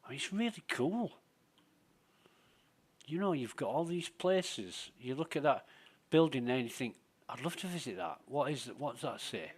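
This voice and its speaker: A man's voice: mid-range voice, lively intonation, normal speed, slightly rough. A man, streaming a game live and giving rambling, profane, sardonic commentary.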